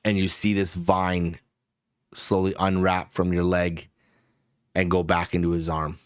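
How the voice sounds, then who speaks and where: A man narrating as game master of a tabletop game, unhurried and descriptive, with frequent ums. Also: low voice, level tone, clean tone, dry recording, studio quality.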